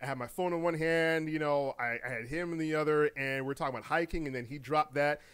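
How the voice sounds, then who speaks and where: Podcast guy w/ kinda high voice, riffing on gaming news, slangy, laughs a lot, repeats himself. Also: quick pace, a bit bright, clean tone. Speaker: podcast co-host. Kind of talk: casual gaming news commentary.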